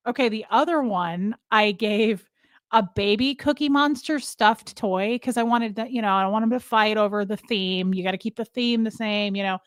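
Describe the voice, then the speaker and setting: A woman's voice: medium pitch, normal speed, no room sound, studio quality. A woman hosting a casual livestream, rambling from topic to topic and greeting viewers by name. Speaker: livestream host. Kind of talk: casual live chat with viewers.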